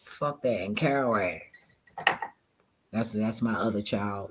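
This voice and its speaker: A man's voice: on the low side, slow, heavy background noise. Laid-back man telling a profane story. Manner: loose, profane storytelling with frequent laughs. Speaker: vlogger. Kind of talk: casual storytime.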